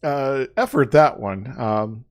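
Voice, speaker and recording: A man's voice: mid-range voice, slow. A man co-hosting a podcast, jokey and rambling, laughing often in casual chat. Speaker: podcast co-host.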